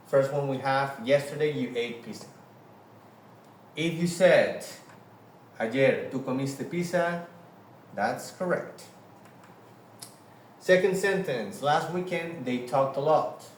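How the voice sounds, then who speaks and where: Male teacher giving a slow, patient lesson, spelling things out; distant, reverberant room sound. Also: medium pitch, slight background noise. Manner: spells out letters, praises with "very good". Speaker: Spanish teacher. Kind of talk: recorded grammar lesson.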